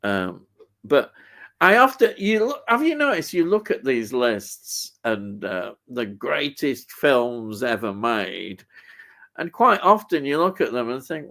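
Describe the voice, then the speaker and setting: A man hosting a livestream, chatting casually and slowly thinking aloud, with frequent fillers and a mild rant. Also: medium pitch, big pitch swings, vocal fry, pushed and bright. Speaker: livestream host. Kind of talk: casual chat.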